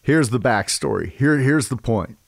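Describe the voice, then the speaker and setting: A man hosting a devotional men's ministry talk. He speaks emphatically and repeats key phrases slowly. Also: mid-range voice, expressive, creaky, no echo, studio quality. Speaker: host and preacher.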